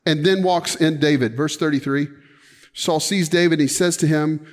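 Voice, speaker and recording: A man preaching a sermon, retelling a scripture story with lively acted-out quotes and casual slang asides. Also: a little high, moderate pace, big-room sound. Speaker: pastor.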